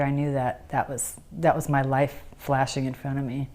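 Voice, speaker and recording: A woman's voice: extremely low pitch, flat delivery, normal speed, noisy background. An older woman interviewed for a news story, vividly retelling a personal ordeal and acting out what was said to her. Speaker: interviewee, survivor. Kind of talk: emotional personal recollection.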